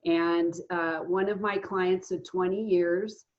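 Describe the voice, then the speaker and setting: Woman, 50s, casual spoken testimony, earnest, halting with fillers, muffled lo-fi sound. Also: fairly low pitch, fairly even intonation. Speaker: guest sharing a recovery story. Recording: dull lo-fi sound.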